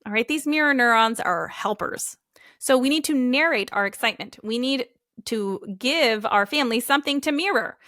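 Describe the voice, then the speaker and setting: A woman's voice: a little high, normal speed, pushed and bright, no room sound, clean studio sound. A woman in her thirties hosting a casual solo podcast, upbeat and chatty, often acting out what her family says. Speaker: podcast host.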